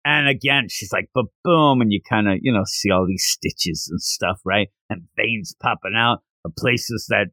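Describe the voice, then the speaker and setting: A man co-hosting a casual chat about a manga, animated and acting out characters' lines as he goes. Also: on the low side, moderate pace, hardly any pauses, dry recording.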